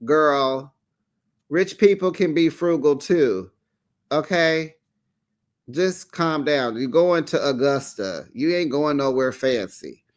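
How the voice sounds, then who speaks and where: Sassy, high-voiced man dishing gossip. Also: slow. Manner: sassy, animated, calls people honey and child; acts out the quotes in put-on voices. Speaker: reality TV recap host. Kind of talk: casual gossipy recap.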